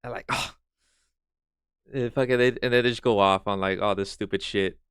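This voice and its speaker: A man's voice: on the low side, fairly even intonation, moderate pace, a bit bright, clean tone, no room sound, clean studio sound. A man streaming a reaction to a video, ranting in exasperation and swearing freely.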